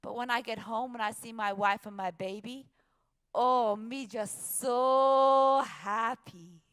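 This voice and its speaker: An Australian woman voicing a hardworking male trekking porter, blunt and loud. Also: slow, clear, resonant tone. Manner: blunt, louder and higher than her own voice.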